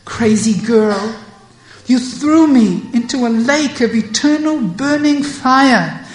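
A woman playing a lovesick young girl in anguish, high and pleading, her lines drawn out slowly. The voice rings in a roomy space with soft music beneath it. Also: animated. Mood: indignant. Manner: pleading, impassioned.

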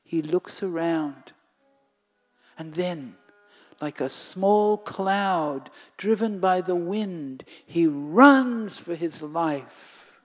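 A storyteller narrating a devotional tale slowly and expressively, sinking to a whisper at times. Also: medium pitch, lively intonation. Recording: long hall reverb, faint music.

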